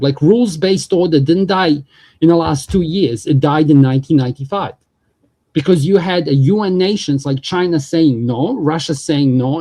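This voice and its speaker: Man, livestream host, casual political rant, profane, rambling, soft mellow timbre. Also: a little high.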